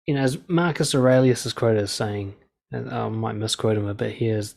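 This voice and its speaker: A man in his thirties, a coach giving blunt, calm advice and swearing freely. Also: medium pitch. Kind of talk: casual advice talk.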